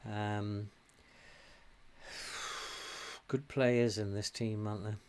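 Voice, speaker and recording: A man's voice: fairly low pitch, level tone, drawn-out words, clear, resonant tone. An older man from England giving casual commentary while playing a football management game, chatty and laughing often, cheering his team on. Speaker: game streamer.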